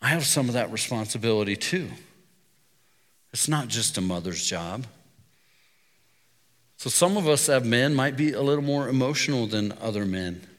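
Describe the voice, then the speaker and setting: A man's voice: medium pitch, lively intonation, moderate pace, long pauses, fairly bright tone. A middle-aged man preaching a sermon as pastor, telling stories in a conversational way. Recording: long reverb of a hall.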